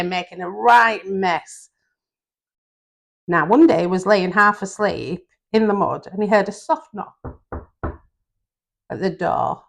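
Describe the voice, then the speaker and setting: An older woman with a Yorkshire accent reading a children's story aloud, adding chatty homely asides. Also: mid-range voice.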